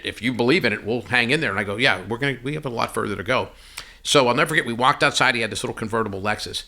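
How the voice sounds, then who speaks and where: Man, podcast guest, quick delivery, acts out quoted dialogue, animated storytelling. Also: mid-range voice. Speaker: podcast guest, company CEO. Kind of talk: conversational storytelling interview.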